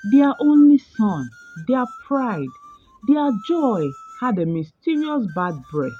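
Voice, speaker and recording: A woman telling a folktale as scripted storybook narration, in an expressive, dramatic way. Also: medium pitch. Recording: dull recording with background music.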